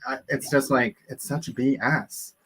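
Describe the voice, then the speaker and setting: A man's voice: mid-range voice, fairly even intonation, unhurried, fairly bright tone, slightly rough. A man in casual chat, indignant and rambling, with many fillers.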